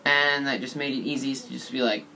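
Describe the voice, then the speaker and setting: A man's voice: medium pitch, fairly even intonation, fairly quick, creaky, pushed and bright, a little hiss or hum. A man casually retelling a tabletop game session, rambling and profane, with lots of fillers. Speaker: storyteller.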